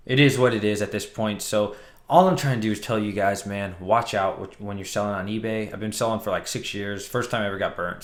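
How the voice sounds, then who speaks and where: A man casually telling a story on his vlog, animated and exasperated, later calmer. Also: lowish voice, reverberant. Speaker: comic book vlogger.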